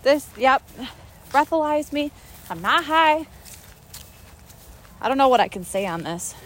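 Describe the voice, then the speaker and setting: A young woman chatting and laughing with a friend on a night walk outdoors, talking into a phone camera as she tells animated stories. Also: sits high, unhurried, a little hiss or hum. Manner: giggly, animated storytelling. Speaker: vlogger. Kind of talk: casual chat on a night walk.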